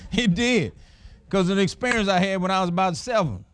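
A man's voice: sits high, expressive, a little fast. A middle-aged man preaching a sermon, folksy and emphatic, chuckling as he tells personal stories.

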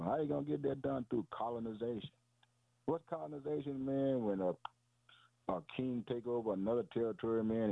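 A man's voice: fairly low pitch, dry recording. A man preaching a sermon in a rhythmic call-and-answer style, dropping "boy" and "man" between phrases and calling out hallelujah. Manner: rhythmic repetition, asks and answers his own questions. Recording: dry, tinny phone-like sound.

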